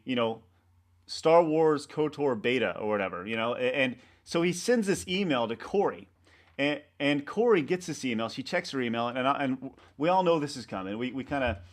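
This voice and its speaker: A man, a website co-founder, talking in a casual interview, rambling and halting with many restarts and fillers. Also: medium pitch. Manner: animated storyteller acting out coworkers' lines.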